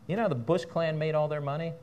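A man preaching a sermon as pastor in a church, fiery and animated, breaking into laughter and asides. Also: on the high side.

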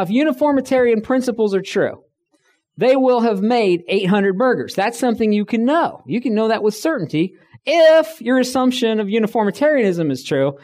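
A man's voice: high-pitched, darkish tone. A middle-aged man giving a conversational talk to a room, telling stories and acting out the people he quotes. He says he is tired. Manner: conversational storytelling, acts out quoted voices. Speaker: speaker.

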